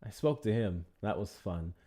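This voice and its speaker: A man with a deep voice hosts a casual livestream and talks straight to his viewers. He rambles loosely, drops swear words, and moves from one thought to the next without much plan. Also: lively intonation, normal speed, warm tone, breathy edge. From United States. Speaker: livestream host.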